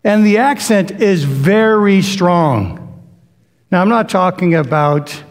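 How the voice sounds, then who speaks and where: A man's voice: high voice, animated, slow. A man preaching a sermon in a conversational way, acting out the voices he quotes. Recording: long hall reverb.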